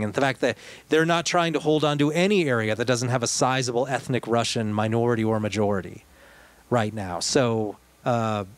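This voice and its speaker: Man in a casual political chat. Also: medium pitch. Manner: conversational, digressive, with wry asides. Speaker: podcast co-host.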